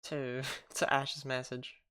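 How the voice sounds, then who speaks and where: Woman, streamer, chatty, self-mocking, bright tone. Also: very deep voice, level tone, slow pace, smooth. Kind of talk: casual game commentary and reading aloud.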